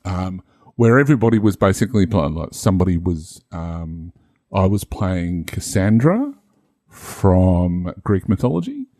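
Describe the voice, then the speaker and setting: A man's voice: low voice, big pitch swings, unhurried, mellow, dry recording, clean studio sound. A man, a game master co-hosting a casual podcast, rambling and self-deprecating with many fillers.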